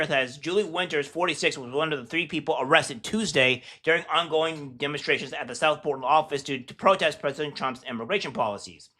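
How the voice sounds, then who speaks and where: A man hosting casual political commentary, talking in a scornful, mocking way with many halting fillers. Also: a little high, pushed and bright. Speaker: commentary host.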